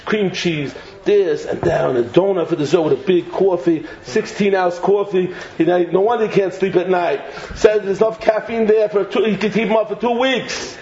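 A man giving a lively Torah lecture, joking and mixing Hebrew terms into English. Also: high voice, moderate pace, few pauses. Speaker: rabbi giving a Torah class. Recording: echoey room, slightly dull sound, faint noise.

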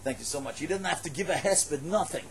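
Animated high-voiced male preacher. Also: quick pace, a little hiss or hum, rough recording. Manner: animated, emphatic, rising to exclamations. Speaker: religious storyteller. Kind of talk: sermon-style storytelling.

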